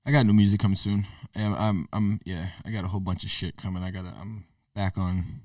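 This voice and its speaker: Fast-talking low-voiced man. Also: level tone, a little mellow, no room sound, clean studio sound, far from the mic. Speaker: podcast co-host. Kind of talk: casual chat.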